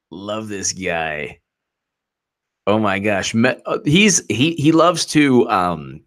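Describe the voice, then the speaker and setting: Guy in his 40s doing a chill stream commentary, talks slow but his pitch bounces all over, laughs a lot. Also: creaky. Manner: animated, laughs often, reads quotes aloud mockingly. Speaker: political commentary host. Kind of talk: casual live-stream commentary.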